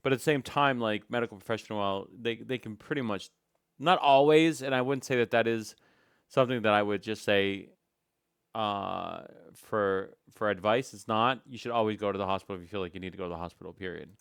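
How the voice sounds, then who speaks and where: A man's voice: on the low side, brisk, creaky, fairly bright tone, clean tone, no echo, studio quality. A man giving casual reaction commentary on a stream, talking in a hesitant, musing way with many fillers.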